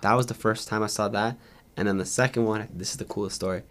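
A man who is a podcast guest, telling stories quickly and animatedly, acting out the dialogue. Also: lowish voice, steady tone, fairly bright tone. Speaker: guest, content creator. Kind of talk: casual storytelling.

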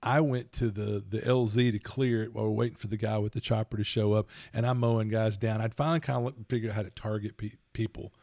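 Middle-aged male podcast host, gravelly, animated and rambling, dry booth sound. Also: fairly low pitch, fast, hardly any pauses, no room sound. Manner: rambling, animated storytelling with laughs. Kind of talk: casual chat.

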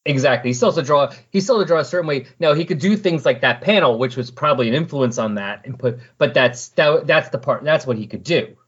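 A man's voice: mid-range voice, expressive, fast, few pauses, a bit bright, slightly rough, lo-fi sound. A man hosting a podcast, recapping comic book scenes in casual chat and animatedly acting out the characters' lines. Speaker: podcast host.

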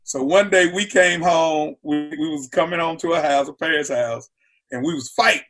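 A comedian guest on a talk show, telling stories in a lively way and acting out quotes, sometimes shouting. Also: male voice, on the high side, moderate pace. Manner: acts out quotes with loud shouting asides. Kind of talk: animated storytelling on a talk show.

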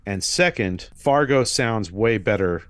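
A man co-hosting a podcast, giving measured, wry commentary on a film in casual conversation. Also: on the low side, lively intonation, fairly bright tone, dry recording. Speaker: podcast co-host. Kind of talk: casual movie discussion.

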